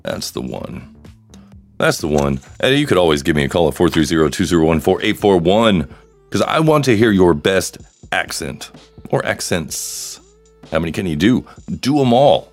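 A man with a low, deep voice hosts a solo live podcast, rambling casually and cracking crude jokes. His pitch swings around a lot as he talks, with faint music playing underneath. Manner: joking, rambling, crude humor. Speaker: podcast host.

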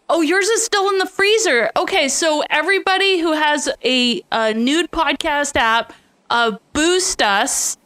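A woman's voice: high-pitched, a little slow, fairly bright tone, no room sound. A woman co-hosting a podcast, chatting casually, giggly and enthusiastic. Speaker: podcast co-host. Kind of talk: casual chat.

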